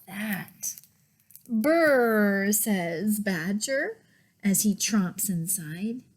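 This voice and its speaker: A woman who works as a children's librarian, reading picture books aloud in a gentle, expressive manner that often drops to a whisper. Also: fairly high pitch, drawn-out words. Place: public library.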